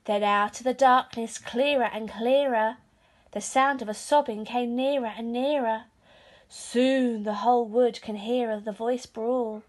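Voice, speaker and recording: A woman reading a picture book aloud to children in a lively, sing-song, expressive way. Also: fairly high pitch, measured pace. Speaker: storyteller.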